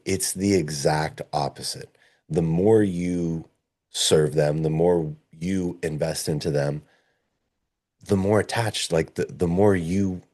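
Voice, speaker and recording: A man's voice: low voice, warm tone. A man hosting a conversation, reflecting thoughtfully and searching for his words.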